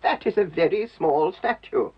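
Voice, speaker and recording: A man's voice: fairly high pitch, animated, moderate pace, heavy background noise, lightly acted. A man doing a prim fussy rag doll. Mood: dismissive. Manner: dismissive and prim. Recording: dull lo-fi 1970s TV sound.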